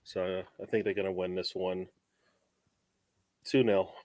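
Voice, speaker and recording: This man has a low voice and talks casually on a football panel. He gets animated and loud when he calls his picks. The recording is dry and close. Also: unhurried, no echo. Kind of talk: casual chat among football fans.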